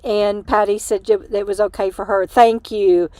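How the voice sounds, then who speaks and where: A woman's voice: mid-range voice, fairly even intonation, normal speed, dark tone, no room sound. An older woman, host of a casual livestream, chatting and giggling with many fillers while short on sleep inside an RV. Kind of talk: casual livestream chat reading comments. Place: small room inside an RV.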